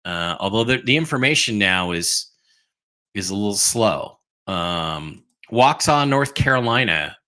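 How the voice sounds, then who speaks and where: A man with a bright, forward tone hosts a loose livestream chat. He rambles through updates and reads viewer comments aloud, pausing often with ums and uhs. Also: lowish voice, animated. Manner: rambling, loose, with many fillers and asides. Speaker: host of an online news livestream.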